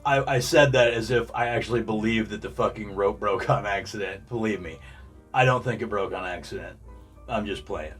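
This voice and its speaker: A man's voice: fairly low pitch, normal speed, a bit bright, distant mic, soft background music. A man giving blunt, profanity-heavy opinions in a casual rant about the week's shows. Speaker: wrestling commentary podcaster.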